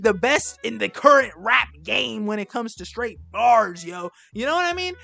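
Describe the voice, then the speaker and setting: A man's voice: extremely high pitch, animated, normal speed, vocal fry, few pauses, bright, forceful tone, no echo, faint music behind. A young man giving casual, blunt and sarcastic commentary as he ranks albums, rambling with lots of fillers. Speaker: video creator ranking albums. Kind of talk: casual rant-style commentary.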